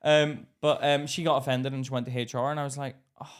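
A man's voice: medium pitch, fast. Laughing man telling a story. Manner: animated storytelling, acting out quotes, laughs often. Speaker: podcast co-host. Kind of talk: casual chat.

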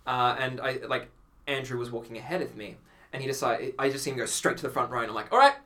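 A man, a podcast guest, telling animated stories in casual chat, acting out quotes and laughing often. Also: medium pitch, fast, slight background noise.

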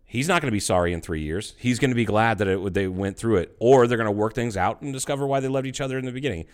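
A middle-aged man talks in a relaxed, chatty way. His voice sits on the low side, and he tells his stories bluntly with plenty of swearing. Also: quick pace. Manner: blunt storytelling, heavy swearing. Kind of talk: casual chat.

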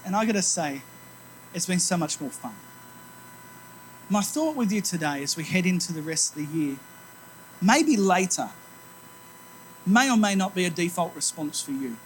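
A man's voice: high voice, lively intonation, normal speed, pauses often, a bit bright, slight background noise. A man in his thirties preaching a sermon as pastor, telling stories in a conversational, self-deprecating way.

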